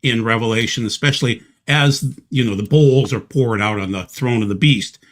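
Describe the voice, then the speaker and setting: A man's voice: medium pitch, normal speed. A man hosting a casual discussion, confident and insistent about his claims.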